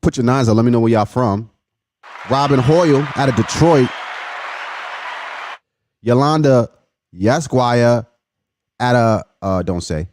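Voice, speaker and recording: A man hosting a casual livestream, chatting loosely and giving shout-outs to viewers by name. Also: mid-range voice, expressive, a little slow, long pauses, a faint crowd, a little hiss or hum. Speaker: livestream host.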